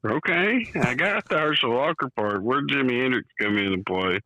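A man's voice: medium pitch, animated, moderate pace, pushed and bright, no room sound, rough recording. A man in casual chat, wry and teasing, swearing casually.

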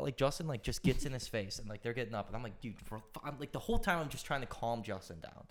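A young man telling a story in casual chat, animated and profane, with lots of fillers. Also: medium pitch, fast, few pauses.

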